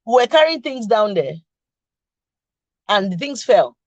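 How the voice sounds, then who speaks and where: A woman's voice: mid-range voice, sing-song, unhurried, no room sound, dull audio. A middle-aged woman with a Nigerian accent hosting a casual chat, laughing often and teasing her viewers directly. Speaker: podcast host.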